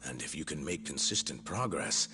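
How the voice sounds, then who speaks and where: A man's voice: a bass voice, animated, normal speed. An actor playing a proud, hot-tempered male research center director in dubbed game dialogue. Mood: smooth. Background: dramatic game music.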